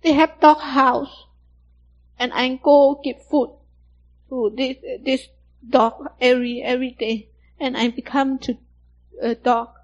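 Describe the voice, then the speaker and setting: A young woman from Thailand, giving personal testimony in halting, simple broken English. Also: high voice, level tone, dull audio.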